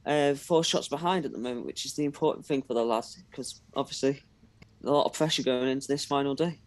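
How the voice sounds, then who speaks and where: A British man co-hosting a casual sports watch-along, plainly calling the action as it happens on screen. His voice sits in a middle pitch and sounds close and dry. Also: fairly quick, no room sound. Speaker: live stream co-host. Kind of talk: casual sports commentary chat.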